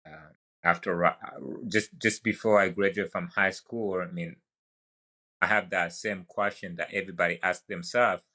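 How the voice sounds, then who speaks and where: A young man with an African accent speaks in a low, bright voice, telling stories in a relaxed, halting way. He's a wildland firefighter appearing as a guest in a casual podcast conversation.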